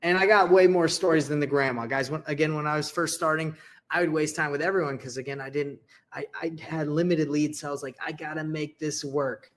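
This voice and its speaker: A young man coaching viewers on real estate deals, with a fairly high voice for a man. He talks casually and energetically, keeps asking "okay?" and acts out short sample dialogues. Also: steady tone, fairly quick. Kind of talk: casual teaching to camera.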